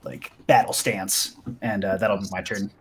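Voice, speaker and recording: A man's voice: lowish voice, fairly even intonation, unhurried, background noise. A man playing a tabletop game, thinking aloud and correcting himself as he goes. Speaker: player. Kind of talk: casual tabletop play.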